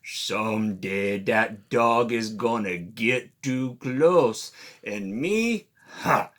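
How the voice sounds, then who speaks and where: A man's voice: fairly low pitch, lively intonation, drawn-out words, a bit bright, voice pushed down, full character voice. A man voicing a boastful male alligator in a read-aloud storybook, hissing threats. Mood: menacing.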